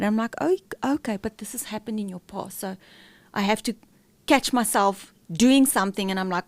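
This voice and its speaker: A woman's voice: medium pitch, normal speed, dry recording. A middle-aged woman, a podcast guest, telling a candid, emotional personal story with many fillers and restarts.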